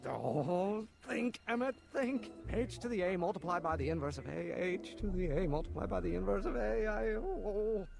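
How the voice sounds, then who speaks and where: A high-strung young inventor. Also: male voice, expressive, normal speed, gravelly, hardly any pauses. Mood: muttering. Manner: frantic, exclamatory. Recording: game audio with music behind.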